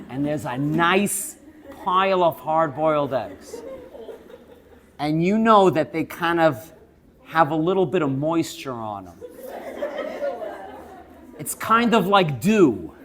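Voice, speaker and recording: A male teacher lecturing students. He tells lively stories, laughs as he goes and keeps checking in with "yes?". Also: on the high side, slow pace, pauses often, a faint crowd. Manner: laughs while telling stories.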